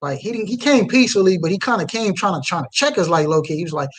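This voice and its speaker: A young man preaching on the street and reacting live to a video, fiery, swinging from low mutters to loud outbursts. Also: animated, quick pace, few pauses.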